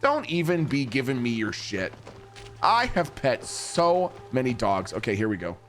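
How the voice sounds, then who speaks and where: Animated, profane male streamer. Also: medium pitch, unhurried, faint music behind. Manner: animated, profane banter with chat. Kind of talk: casual live gameplay commentary.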